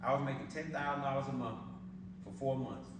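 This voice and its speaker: A man's voice: mid-range voice, a little fast. A man giving a motivational sales presentation, telling stories in colloquial talk and laughing often. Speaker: business opportunity presenter. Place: event hall. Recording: echoey hall, distant mic, noise.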